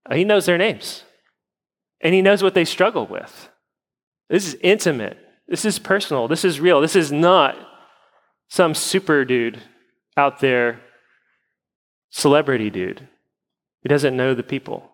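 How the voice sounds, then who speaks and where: A man's voice: a little high, moderate pace, in a large hall, poor audio. A man, a pastor leading prayer and then preaching in a conversational way full of rhetorical questions. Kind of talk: prayer and sermon. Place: church sanctuary.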